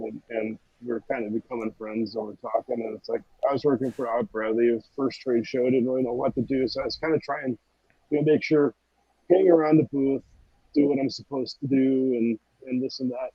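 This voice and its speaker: Husky man telling easygoing stories. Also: mid-range voice, brisk, no room sound. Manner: easygoing anecdotal storytelling. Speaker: podcast co-host. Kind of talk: casual chat. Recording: dull lo-fi sound.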